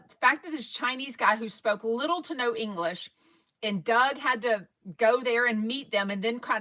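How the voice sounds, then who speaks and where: A sharp, higher-than-average voice with a Texan accent belongs to this fan podcast host from Texas. On her casual livestream she rambles and chats, reading out what viewers comment.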